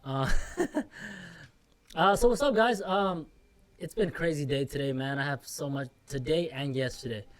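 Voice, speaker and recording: A man's voice: a little high, a little slow. Rambling, profane young male podcaster. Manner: rambling, profane, self-mocking. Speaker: podcast host. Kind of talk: casual solo rant. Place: office room. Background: music playing softly.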